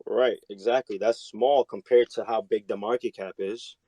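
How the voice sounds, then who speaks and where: A man's voice: on the low side, fairly even intonation, moderate pace, warm tone, no echo, low-quality recording. A man defending his crypto project in a casual debate, slangy and defensive. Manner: defensive, slangy, says "bro".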